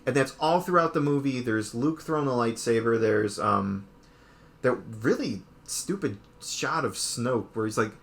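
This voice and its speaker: A man's voice: mid-range voice, a bit bright. Brief: man, casual co-host, rambles through a movie plot with lots of "like" and little voiced quotes. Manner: rambling retelling full of "like" and quick put-on quotes. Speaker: podcast co-host. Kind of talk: casual chat.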